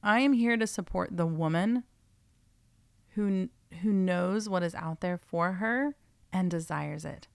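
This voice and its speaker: A woman's voice: lowish voice, unhurried, gravelly, clear, resonant tone, no echo. A woman hosting a podcast in a casual, earnest and encouraging way, her voice close to giving out. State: nearly losing her voice. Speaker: podcast host.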